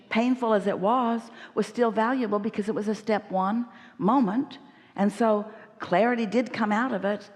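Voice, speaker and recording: A woman's voice: medium pitch, darkish tone. A woman giving an inspirational seminar talk to an audience member, speaking emphatically as a collective "we" and explaining patiently. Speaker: workshop speaker. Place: large hall at a live workshop. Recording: echoey hall with long reverb.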